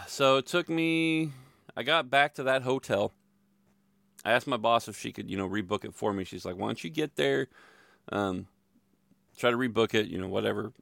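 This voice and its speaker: A man's voice: medium pitch, normal speed, creaky, long pauses, a bit bright, no room sound. A middle-aged man from the Louisville area telling a rambling, self-deprecating personal story, full of fillers and asides. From Louisville, Kentucky area. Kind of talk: casual storytelling monologue.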